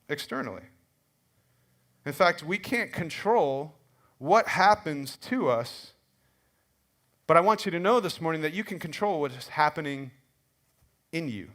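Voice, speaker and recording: A middle-aged man preaching a sermon in a church, telling stories in a conversational, animated way with frequent restarts. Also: fairly high pitch. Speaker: pastor. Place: church sanctuary.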